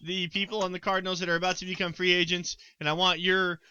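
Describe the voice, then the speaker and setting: A man's voice: sits high, little pitch movement, fast talker, noisy background. A man co-hosting a casual sports podcast, rambling with stammered restarts and frequent ums. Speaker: podcast co-host.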